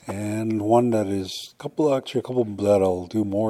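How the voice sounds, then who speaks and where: A man's voice: on the low side, steady tone, a little fast, hardly any pauses, dark tone. A man teaching a language on a podcast, patiently saying each word several times over. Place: southern plains Cree area.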